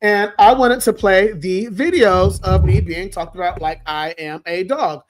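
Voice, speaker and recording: A hoarse man, losing his voice, venting bluntly and profanely in a casual livestream rant. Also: high voice, a little slow, faint music behind. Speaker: livestream host.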